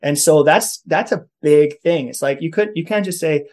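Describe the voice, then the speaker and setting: Man from Canada, higher than average voice, earnest, thinks out loud. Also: normal speed. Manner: earnest, thinking aloud with many restarts. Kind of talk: casual podcast chat on faith.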